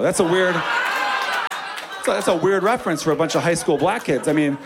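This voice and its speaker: A man's voice: sits high, lively intonation, moderate pace, over a noisy crowd, heavy background noise. A man telling a story in stand-up, profane and self-mocking. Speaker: stand-up comedian.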